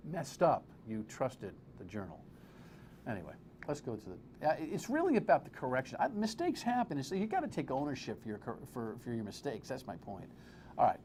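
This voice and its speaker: Animated, lively-voiced male TV host. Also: mid-range voice, vocal fry, a little hiss or hum. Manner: animated, exclamatory, rambling asides. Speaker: TV talk show host. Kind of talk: live TV political commentary.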